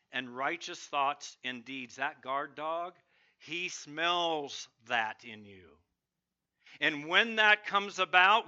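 A man preaches with a high, strikingly bright and forceful voice. He speaks emphatically, swelling into loud bursts as he acts out a snarling inner voice. The recording is somewhat dull and lo-fi. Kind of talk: sermon.

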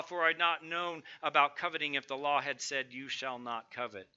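Middle-aged guy preaching, emphatic, kinda high voice, muffled lo-fi recording. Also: little pitch movement, moderate pace, hardly any pauses, bright, forceful tone, clean tone. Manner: emphatic, building lists of strong words. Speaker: pastor. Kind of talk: sermon.

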